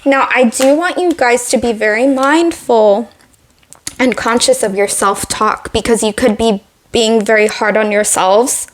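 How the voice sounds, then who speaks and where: A woman's voice: a little high, measured pace. A woman giving a casual tarot reading, slightly out of breath, rambling with lots of "like" and restarts. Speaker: tarot reader.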